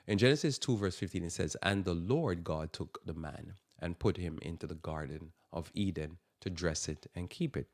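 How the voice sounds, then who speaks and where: Deep-voiced man preaching on radio. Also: moderate pace, few pauses, a little mellow. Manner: emphatic, repeats phrases for stress. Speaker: radio talk show host. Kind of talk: preaching Bible talk.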